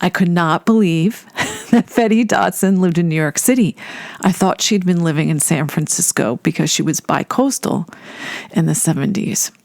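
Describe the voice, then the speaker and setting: A woman telling a personal story in an animated way, laughing often as she recalls a first meeting. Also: lowish voice, moderate pace, vocal fry, no room sound.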